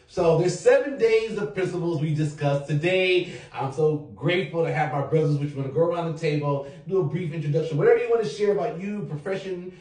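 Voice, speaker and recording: A man hosting a podcast round-table, talking loosely and jokingly, swearing now and then and leading the group in call-and-response. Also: on the high side. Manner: animated, jokey, swears freely, leads chants. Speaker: podcast host. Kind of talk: casual round-table talk. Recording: roomy echo, distant mic.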